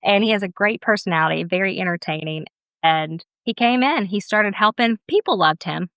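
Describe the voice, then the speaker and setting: A woman who is an esthetician and business owner tells stories in a casual interview, speaking fairly quickly in a mid-range voice with no room sound. She's chatty and laughs often, quotes others in lively asides, and calls herself camera shy.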